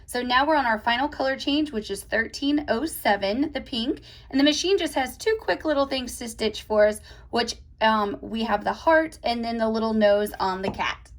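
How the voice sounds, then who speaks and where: A woman's voice: fairly high pitch, normal speed, hardly any pauses. A woman hosting a chatty step-by-step embroidery tutorial, cheerful and gushing, laughing often.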